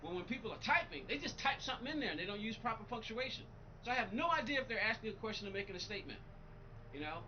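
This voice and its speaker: A man's voice: high voice, sing-song, rapid-fire, dull audio, slight background noise. A man live-streaming a racing game, chatting loosely with his viewers, irritated and rambling, often repeating himself. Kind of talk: casual live-stream chat reading viewer comments.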